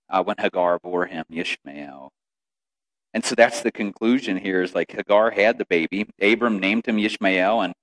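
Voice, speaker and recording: A man preaching a sermon as pastor, telling stories and building to loud, emotional quoted lines. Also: low voice, moderate pace.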